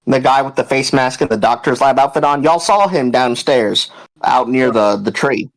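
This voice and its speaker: A man's voice: mid-range voice, low-quality recording. A man running a tabletop game as game master, talking casually and swearing now and then. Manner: casual, swears, talks fast.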